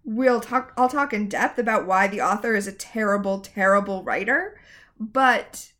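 A woman co-hosting a show recap in casual chat, with sarcastic, animated asides. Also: medium pitch, moderate pace. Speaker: podcast co-host.

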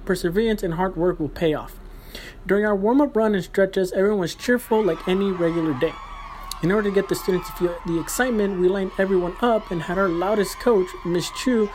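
A man, a running coach, reads an earnest recap of a team race in a steady voice. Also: sits high, a little hiss or hum. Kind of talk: scripted narration.

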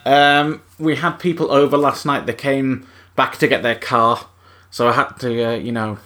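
A man co-hosting a podcast in a loose, casual way. He hesitates often and gropes for the right word. His voice sits at an ordinary, middle pitch. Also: fairly even intonation, normal speed, a bit bright. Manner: hesitant, searching for words. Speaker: podcast co-host.

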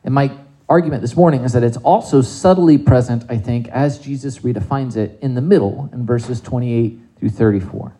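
A man preaching a sermon in a conversational, animated way, asking the congregation rhetorical questions. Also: medium pitch, moderate pace, low-quality recording. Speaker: pastor.

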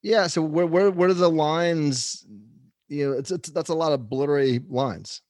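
A man's voice: fairly high pitch, unhurried, a little mellow, no echo. Curious male host, dry close sound. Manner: curious, restarts his questions a lot. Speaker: podcast host, interviewer. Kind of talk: conversational interview.

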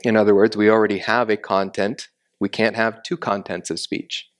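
A man's voice: lowish voice, flat delivery, moderate pace. A man giving expository Bible teaching, methodically explaining the Greek grammar of a passage step by step.

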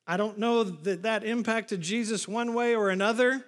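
Animated high-voiced male preacher. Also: normal speed. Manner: animated storytelling, acts out the scripture scenes. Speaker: pastor. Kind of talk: sermon. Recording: long hall reverb.

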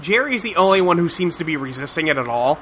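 A man's voice: fairly high pitch, sing-song, fast talker, fairly bright tone, slight background noise. A man recapping a cartoon episode in casual chat, rambling and profane, with lots of fillers. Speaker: podcast host recapping a cartoon.

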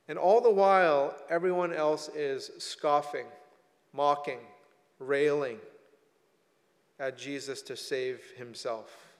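A male pastor preaching a sermon and reading scripture, reflective and measured, with emphatic rises when he quotes the text. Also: mid-range voice, big-room sound.

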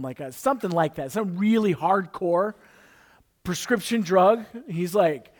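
A man's voice: high-pitched, moderate pace. A man preaching a conversational sermon, telling a personal story and joking with the congregation. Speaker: pastor.

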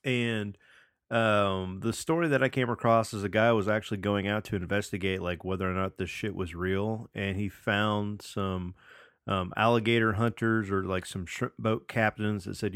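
Loose-talking man, low voice. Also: normal speed, smooth, no room sound, clean studio sound. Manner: loose, profane, animated. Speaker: podcast guest. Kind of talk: casual storytelling chat.

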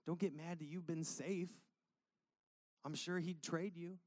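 A preacher putting on a patient, loving father who speaks low and soft. He sounds gentle and reassuring. The recording is close and dry. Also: rapid-fire, no echo, natural voice. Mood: tender. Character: patient loving father calming his son.

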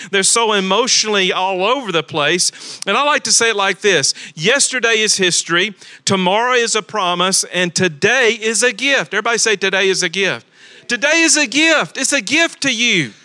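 A man's voice: high voice, pushed and bright. A man preaching a sermon as pastor, emphatic and repetitive, asking his congregation rhetorical questions in a church. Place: church sanctuary.

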